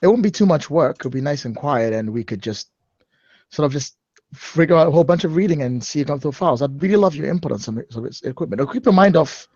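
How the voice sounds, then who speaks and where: A man voicing a kindly, gentle male ship's scholar. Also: fairly high pitch, animated, fast, dry recording, dull audio. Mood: friendly. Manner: gentle, friendly.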